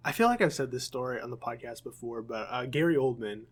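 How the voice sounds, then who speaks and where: A young American man co-hosting a podcast, chatting casually, often restarting sentences and filling pauses with ums. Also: mid-range voice, slightly rough. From United States. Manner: rambling, self-correcting, frequent ums. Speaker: podcast co-host. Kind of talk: casual chat.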